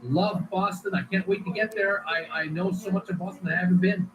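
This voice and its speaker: A man's voice: high-pitched, fairly even intonation, brisk, highs cut off, crowd noise. A man hosting a casual livestream who rambles with many fillers and restarts while reading viewer comments aloud. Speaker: livestream host.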